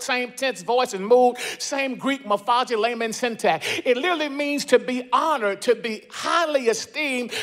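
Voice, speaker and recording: A preacher man with a strikingly high voice delivers a sermon from the pulpit in a large church. He builds from storytelling into shouted, chanted runs of praise. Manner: whooping preacher, rising to shouts and chanted cadence. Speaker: guest preacher.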